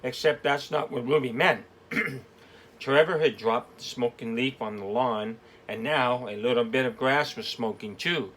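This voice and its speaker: A man's voice: mid-range voice, unhurried, a bit bright. A man reading a children's storybook aloud as host, with chatty asides about the pictures.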